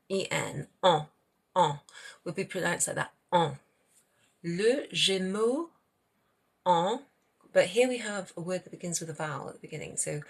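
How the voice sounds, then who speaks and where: Woman, French teacher, husky voice, slow and deliberate, reads French then explains in English. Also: lowish voice. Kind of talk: French language lesson.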